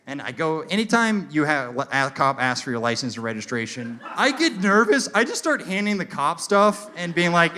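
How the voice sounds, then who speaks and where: A young man performing a stand-up comedy set on a stage mic, acting out characters in quick voices. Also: a little high, sing-song, pushed and bright, a little hiss or hum. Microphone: handheld stage mic.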